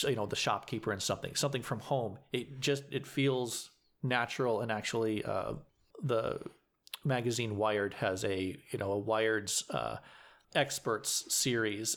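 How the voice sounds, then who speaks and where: A man's voice: lowish voice, fairly bright tone. A man, a community theater actor giving advice in a casual interview, earnest and explanatory with frequent restarts.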